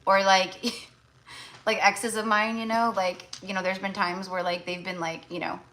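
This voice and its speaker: A woman's voice: medium pitch, little pitch movement, a little slow, fairly bright tone, poor audio. A woman tarot reader in casual livestream chat, blunt and chatty, full of fillers.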